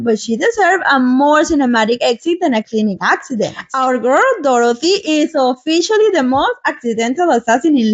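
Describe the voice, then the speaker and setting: Animated high-voiced woman reading aloud. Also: no room sound, highs cut off. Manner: animated, playful commentary. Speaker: host reading a story aloud. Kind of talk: expressive storybook reading with commentary.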